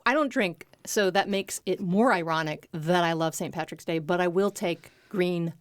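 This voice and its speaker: A woman's voice: on the low side, moderate pace, no echo. A woman hosting a podcast interview, playful and upbeat, telling jokes between questions. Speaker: podcast host. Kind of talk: casual interview chat.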